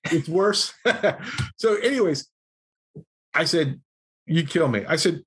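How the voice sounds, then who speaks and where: A man guest on a podcast, telling a story in a casual, animated way and acting out what people said. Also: fairly high pitch, slow, breathy edge. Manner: animated anecdote-telling, acts out quotes. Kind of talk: conversational storytelling.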